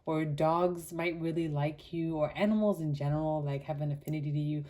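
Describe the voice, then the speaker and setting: Young woman from Botswana, low mellow tone, animated casual tarot reader. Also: a little fast. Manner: chatty and animated, many "like" fillers, laughs often. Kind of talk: casual pick-a-card tarot reading.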